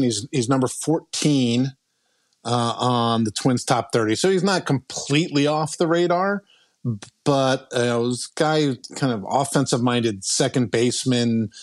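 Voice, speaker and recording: A man's voice: mid-range voice, no echo. Laid-back man talking baseball prospects. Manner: loose, fillers and restarts, joking. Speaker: baseball prospect analyst, podcast regular. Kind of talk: casual podcast chat.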